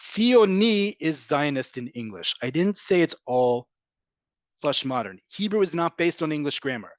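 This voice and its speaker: A fairly high-voiced man teaches a live online language class. He is emphatic and repeats and drills pronunciations. The sound is close and dry, with no room echo. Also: big pitch swings, moderate pace. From from an American family. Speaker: Hebrew teacher.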